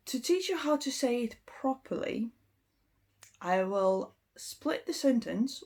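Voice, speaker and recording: A woman giving an informal language lesson, explaining step by step in an unhurried way with frequent ums. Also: a little high, expressive, darkish tone. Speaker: English teacher.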